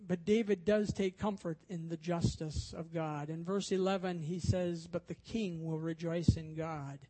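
A man's voice: on the high side, fairly even intonation, measured pace, mellow. A man preaching a sermon, telling stories and acting out quoted voices with rising emphasis. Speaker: pastor.

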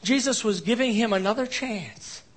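A man preaching a sermon verse by verse as a pastor, rising to emphatic peaks and then dropping to quiet low passages. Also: normal speed, slightly rough. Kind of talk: expository sermon.

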